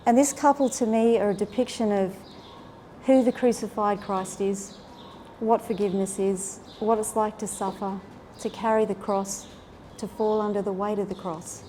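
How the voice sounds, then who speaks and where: A woman earnestly retelling a faith story and reflecting on its meaning, with an animated, heartfelt delivery. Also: mid-range voice, normal speed, slight background noise. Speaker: faith speaker.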